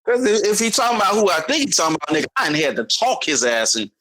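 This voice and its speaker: Bright-voiced man with quick asides. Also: high voice, big pitch swings. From Chicago. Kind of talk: casual chat.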